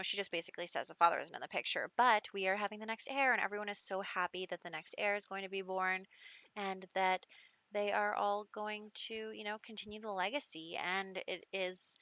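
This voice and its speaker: Chatty, bright-voiced young woman gamer. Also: mid-range voice, no room sound. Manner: chatty and upbeat, with frequent fillers like "like" and "you know". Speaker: gaming channel host. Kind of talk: casual life-sim game commentary.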